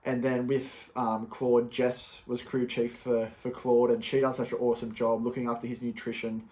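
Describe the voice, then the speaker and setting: Guy, young, solo podcast host, relaxed ramble full of ums and restarts. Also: medium pitch, moderate pace. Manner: loose and chatty, many fillers and restarts. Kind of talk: casual solo podcast talk.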